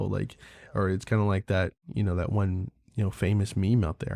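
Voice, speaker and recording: Gravelly low-voiced man hosting a podcast. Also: fairly even intonation, moderate pace, dark tone, no echo, studio quality. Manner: candid, swears freely, many fillers. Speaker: podcast host. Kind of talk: casual podcast monologue.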